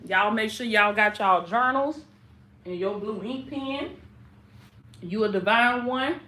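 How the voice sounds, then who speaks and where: A woman hosting a casual preaching livestream. She greets viewers over and over and calls them "baby.". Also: mid-range voice. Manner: warm, repetitive welcoming, calls listeners "baby". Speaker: livestream host and life coach. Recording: echoey room.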